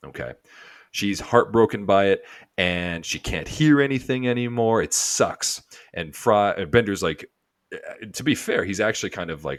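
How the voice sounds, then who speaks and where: A man's voice: sits low, lively intonation, brisk, no room sound. A man co-hosting a podcast, casually retelling a cartoon episode in a rambling way full of fillers. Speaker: podcast co-host.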